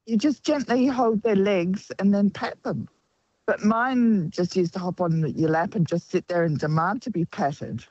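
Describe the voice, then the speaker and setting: A woman's voice: mid-range voice, measured pace, no room sound. A woman co-hosts talkback radio, teasing her partner and telling stories with frequent laughs. The sound is dry and slightly dull. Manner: warm storyteller, teasing, laughs often. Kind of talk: casual talkback radio chat.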